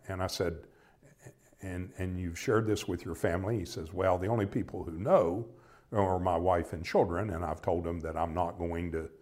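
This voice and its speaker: An older American man telling a personal story in a reflective, halting way, often quoting conversations. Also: sits low. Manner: reflective, halting, with many restarts and quoted dialogue.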